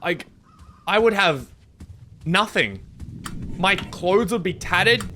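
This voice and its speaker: A man riffs through let's-play commentary in a goofy, dramatic, self-mocking way. His voice is bright and high, and it leaps around with lively swings of pitch while he takes his time. Faint game music plays underneath. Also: slow pace, a little hiss or hum. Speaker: gaming video creator.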